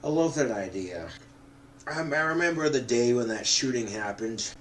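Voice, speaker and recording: A drunk man rambling to the camera, swearing often and breaking into loud outbursts. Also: medium pitch, lively intonation, moderate pace, a little hiss or hum. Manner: profane, swings into loud outbursts.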